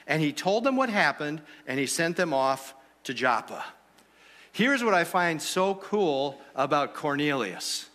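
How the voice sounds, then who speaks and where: A man's voice: fairly high pitch, sing-song, unhurried, fairly bright tone, long reverb tail. A man preaching a sermon in a church, conversational and asking the congregation rhetorical questions. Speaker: pastor.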